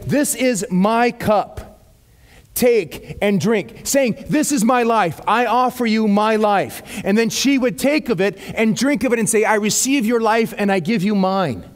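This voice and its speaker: High-voiced male pastor preaching. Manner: reads scripture slowly, then adds lively asides. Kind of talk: sermon.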